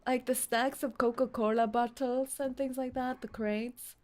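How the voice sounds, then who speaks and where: Excitable high-voiced woman streamer. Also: normal speed. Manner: excitable, reads story text aloud, bursts into loud reactions. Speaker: streamer playing a game. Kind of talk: casual gameplay commentary and reading aloud.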